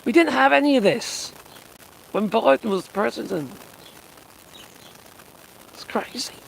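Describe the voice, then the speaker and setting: High-voiced man mocking a speech live. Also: lively intonation, a little slow, gravelly, a little hiss or hum, rough recording. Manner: sarcastic and mocking, swears and chuckles. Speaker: live streamer commenting on a speech. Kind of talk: casual live-stream commentary. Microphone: phone.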